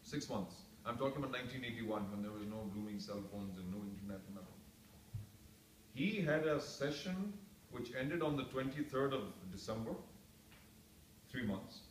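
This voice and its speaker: A man's voice: mid-range voice, normal speed. A man who is an actor, telling anecdotes to a reunion audience in a chatty, self-mocking way full of asides. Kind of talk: casual anecdotal storytelling. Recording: echoey room, distant mic, faint background noise.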